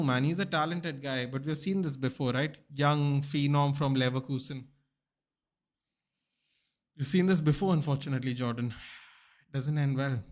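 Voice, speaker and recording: Young male streamer, casual banter with chat, voice a touch high. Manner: chatty, bantering, addresses viewers by name. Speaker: football watchalong streamer. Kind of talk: casual live-stream chat reading viewer comments.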